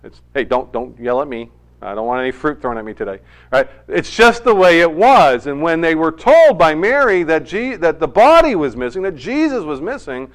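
A man preaching a sermon in a conversational, emphatic way, with joking asides. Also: sits high. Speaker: pastor.

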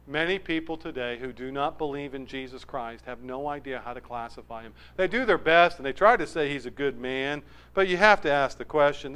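A man preaching a verse-by-verse sermon, animated, swinging from loud emphasis to low asides. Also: rough recording. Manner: acts out crowd voices.

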